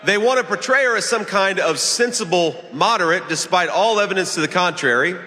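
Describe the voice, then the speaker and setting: A man giving a rousing rally speech in a large arena, some lines shouted. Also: high voice, a little fast. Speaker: political rally speaker. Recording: long arena reverb.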